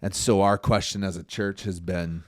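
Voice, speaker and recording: Deep-voiced encouraging man. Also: steady tone, normal speed, darkish tone, dry recording, clean studio sound. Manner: encouraging, affirming. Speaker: pastor. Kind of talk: casual podcast conversation.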